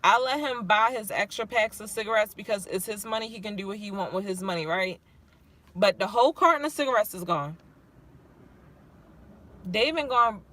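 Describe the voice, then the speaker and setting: Frustrated woman venting, bright edgy voice. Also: medium pitch, moderate pace, long pauses. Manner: frustrated, rambling, swears often. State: close to tears. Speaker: caregiver for her father. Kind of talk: livestream vent, reading chat.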